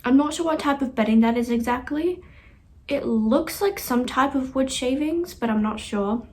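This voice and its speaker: A woman's voice: high-pitched, moderate pace, a little mellow. A young woman hosting a reaction video, chatting casually and earnestly and getting easily moved.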